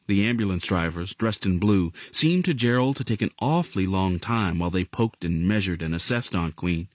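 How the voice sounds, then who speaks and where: A man reading a novel aloud as audiobook narrator, in an expressive storytelling manner. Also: deep voice, normal speed, hardly any pauses, no room sound. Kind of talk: scripted narration.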